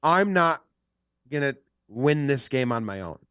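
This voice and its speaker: A man co-hosting a sports podcast, bantering in a joking, lively way and poking fun at accents. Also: medium pitch, unhurried, no echo, clean studio sound. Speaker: podcast co-host.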